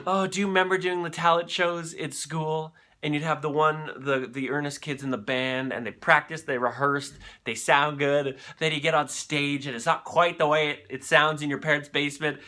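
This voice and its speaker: A man's voice: a little high, steady tone, moderate pace, bright, forceful tone. A man hosting a live-stream show in loose, rambling chat, swearing freely and talking to his viewers.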